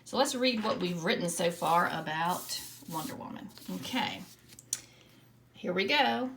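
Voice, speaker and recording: A woman's voice: lowish voice, animated, measured pace, gravelly, fairly bright tone, slight background noise. A woman teacher giving a patient writing lesson to young children, sounding out letters and syllables one by one.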